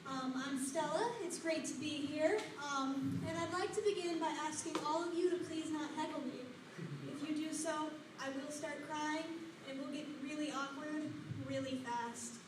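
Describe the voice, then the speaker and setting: A woman performing a dry, wordy deadpan stand-up set at an open mic. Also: high-pitched, moderate pace. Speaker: stand-up comedian. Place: open mic comedy room. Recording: echoey room from far off, noisy.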